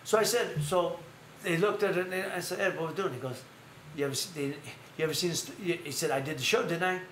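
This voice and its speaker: Fast-talking high-voiced man telling stories. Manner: animated storyteller who acts out quotes in others' voices. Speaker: host of a live stream. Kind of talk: casual storytelling chat. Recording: echoey room with faint noise.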